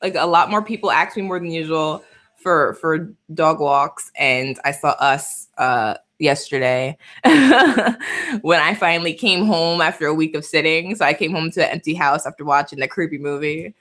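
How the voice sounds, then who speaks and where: A woman's voice: deep voice, moderate pace, fairly bright tone. A woman in her twenties from the Bronx with a light New York accent, chatting casually and laughing a lot on a live stream. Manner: chatty, laughs often, reads viewer comments. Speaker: livestream host.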